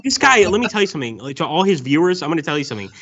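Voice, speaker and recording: A man chatting as a stream guest, excitable and rambling, full of crude teasing. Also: a little high, rapid-fire, background noise. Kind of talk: casual chat. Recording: dull lo-fi audio.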